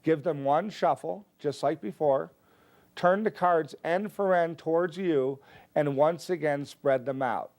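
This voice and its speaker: A man teaching a card trick, calmly explaining each move step by step and acting out his stage patter. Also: on the high side, a little slow. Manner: relaxed, explanatory, steps through moves one by one. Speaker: magic teacher. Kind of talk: instructional explanation with performed patter.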